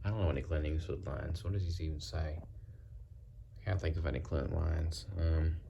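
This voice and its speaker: Low gravelly man playing with accents. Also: steady tone, normal speed, lo-fi sound, background noise. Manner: rambling, playful, switching between put-on accents. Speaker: vlogger. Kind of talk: casual monologue trying out accents. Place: his bedroom at home. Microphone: phone microphone. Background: house fan running.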